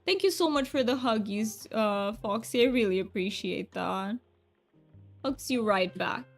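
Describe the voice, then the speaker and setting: A woman's voice: a little high, unhurried, soft background music. A woman game streamer chatting casually with her viewers, self-deprecating and thanking chat.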